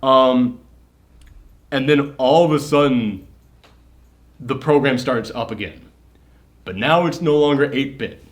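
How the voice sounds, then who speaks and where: A man talks through a horror film's plot in a loose, casual review chat. His voice sits in a middle pitch and stays animated. He swears freely and leans on filler words between thoughts. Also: slow pace, long pauses. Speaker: film reviewer.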